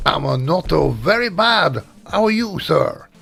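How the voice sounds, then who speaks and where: A man's voice: unhurried, soft background music. A man playfully putting on an exaggerated sexy French accent during a game stream. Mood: hammy. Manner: hammy, playful, goes higher and crisper.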